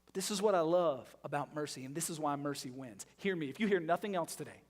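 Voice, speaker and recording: Male pastor, high-pitched, emphatic preaching with loud and hushed passages, recorded in a reverberant church hall. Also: expressive, fast. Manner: emphatic, rhetorical questions, shifts from loud to hushed. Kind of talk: sermon. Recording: long reverb of a large hall.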